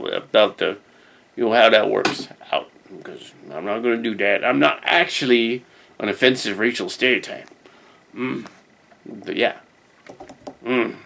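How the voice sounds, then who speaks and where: A man's voice: mid-range voice, vocal fry. A man hosting his own show, rambling through a wry, self-interrupting casual rant to camera in a home studio. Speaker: show host.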